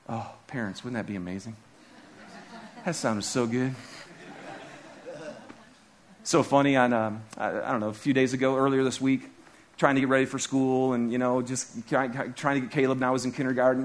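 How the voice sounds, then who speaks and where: A man in his thirties preaching a sermon as a pastor, telling stories with his voice rising high and dropping low. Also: moderate pace. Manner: animated storytelling, voice rising and dropping sharply.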